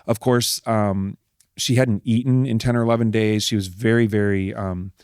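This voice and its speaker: A man's voice: on the low side, fairly even intonation, moderate pace, a little mellow, smooth, no echo, clean studio sound. A middle-aged man from Texas, a guest in an interview, earnestly retelling an emotional family ordeal with many fillers. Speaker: guest, husband. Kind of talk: personal storytelling in an interview.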